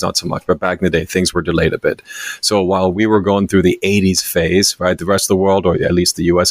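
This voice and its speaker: A man's voice: sits low, no room sound, clean studio sound. A middle-aged man from Germany, a podcast guest telling rambling, self-deprecating stories from his youth. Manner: rambling, self-deprecating, acts out quoted voices. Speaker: guest storyteller. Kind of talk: casual storytelling.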